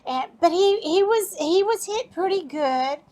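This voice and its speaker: Gushing, high-voiced woman in a comedy sketch. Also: animated, measured pace, darkish tone. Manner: gushing and melodramatic, breaks into fake sobs. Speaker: visiting sister in a comedy sketch.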